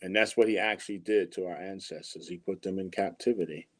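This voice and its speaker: Low-voiced man answering thoughtfully. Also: fairly even intonation. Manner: measured and thoughtful, with frequent ums. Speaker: podcast co-host in a scripture discussion. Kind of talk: casual scripture discussion.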